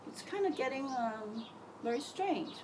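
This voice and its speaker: A woman's voice: high voice, animated, a little slow, background noise. A middle-aged woman talking candidly in a casual monologue about her thoughts, acting out the voices in her head. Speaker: self-help teacher.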